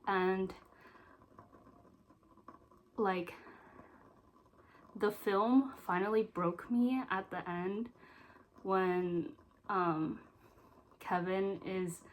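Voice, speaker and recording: A woman's voice: medium pitch, a little hiss or hum, poor audio. A young adult woman giving a casual spoken film review, emotional and gushing, with lots of "like" fillers. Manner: emotional and gushing, with heavy use of "like".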